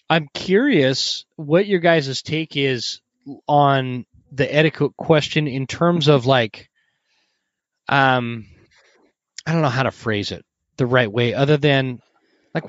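A man's voice: mid-range voice, expressive, takes it slowly, no echo. A man hosting a podcast, asking rambling, casual questions with some profanity. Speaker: podcast host. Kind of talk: casual chat. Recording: dull lo-fi audio.

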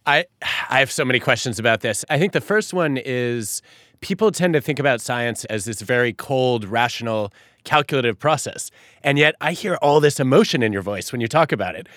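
A man's voice: mid-range voice, animated, a little fast, a bit bright, no echo, clean studio sound. A man hosting a podcast, asking a guest curious, thoughtful questions. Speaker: podcast host. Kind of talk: interviewing a guest.

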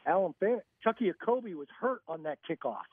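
A man's voice: sits high, expressive, brisk, slightly rough, no room sound. A man, an author and radio guest, telling a story animatedly and acting out other people's lines. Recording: tinny phone line, dry.

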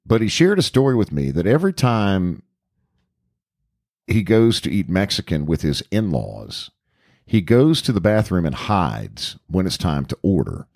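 A man's voice: low voice, gravelly, darkish tone, slightly rough, dry recording, clean studio sound. A middle-aged man co-hosting a music podcast, telling stories in casual chat and laughing often. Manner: chatty storyteller, laughs often. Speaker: podcast co-host.

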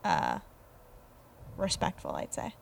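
Hesitant, teasing woman in casual chat. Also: slow. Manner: hesitant, laughs often, teasing. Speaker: guest, host's partner.

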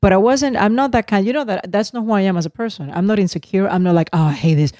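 A middle-aged woman co-hosting a podcast in casual chat, animated and defensive as she tells her side. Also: mid-range voice, no echo, studio quality. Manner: animated storyteller, defensive, quick. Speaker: podcast co-host.

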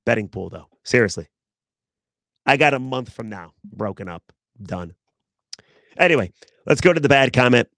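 A man's voice: medium pitch, lively intonation, normal speed, pauses often, fairly bright tone, dry recording. A man hosting a sports podcast, giving opinionated, teasing talk full of rhetorical questions.

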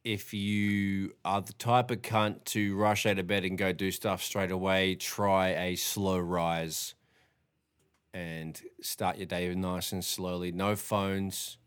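A man's voice: deep voice, little pitch movement, takes it slowly, a bit bright, smooth. A man co-hosting a podcast, joining the casual chat with crude, laid-back banter. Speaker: podcast co-host.

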